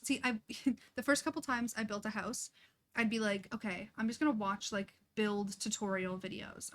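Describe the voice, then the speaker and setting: A young woman chatting casually and laughing often as she streams a life-sim game, chatty and self-deprecating. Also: fairly high pitch. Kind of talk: casual live-stream chat while playing.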